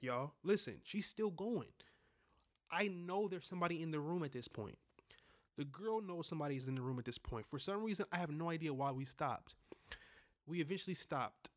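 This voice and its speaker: A young man hosting a podcast, candidly telling his own stories in a casual, profane monologue straight to listeners. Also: a little high.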